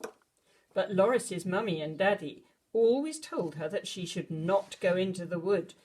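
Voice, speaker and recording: A woman reading a children's bedtime story aloud, expressive, with dramatic gasps and animal noises. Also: lowish voice.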